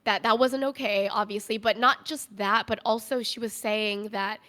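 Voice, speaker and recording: A woman's voice: mid-range voice, fairly even intonation, normal speed, a bit bright. A young woman, a podcast guest, telling a candid personal story in a conversational way, full of "like" fillers.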